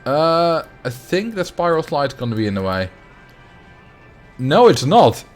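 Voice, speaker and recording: Chatty streamer man with lively pitch. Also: a little slow, soft background music. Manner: rambling, chatty, reads and answers chat. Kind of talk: casual livestream chat while playing.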